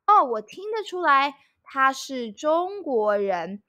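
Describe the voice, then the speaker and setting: A woman with a high, bright voice gives a language lesson. She speaks slowly and deliberately, repeating each example so learners can follow. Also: sing-song. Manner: slow, repeating phrases for learners; mixes English explanation with Mandarin examples. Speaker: Mandarin teacher.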